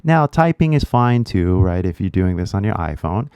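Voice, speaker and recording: Male accent coach, Californian accent, easygoing slangy delivery, low-pitched, dry sound. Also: big pitch swings, moderate pace, darkish tone, clean tone, no room sound. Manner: laid-back slangy talk, keeps tagging "right?". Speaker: English accent teacher. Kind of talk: casual spoken lesson.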